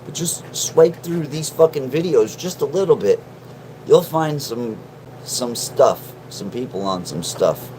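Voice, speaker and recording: A man's voice: medium pitch, lively intonation, unhurried, background noise. A man hosting a casual livestream from his mom's basement, joking and swearing as he chats with viewers. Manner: profane, joking, self-mocking. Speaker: livestream host.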